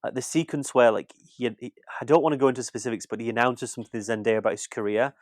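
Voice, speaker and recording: A British man with a middle pitch in a relaxed podcast chat about film. He rambles and repeats words as he thinks aloud. The sound is close and dry, with no room around it. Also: rapid-fire, dry recording. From Britain. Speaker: podcast co-host, film critic. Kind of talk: casual chat.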